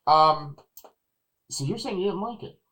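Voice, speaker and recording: A man reviewing a movie in casual chat, animated and acting out what others said. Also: fairly high pitch, measured pace, low-quality recording. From Texas. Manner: animated, acts out quotes loudly.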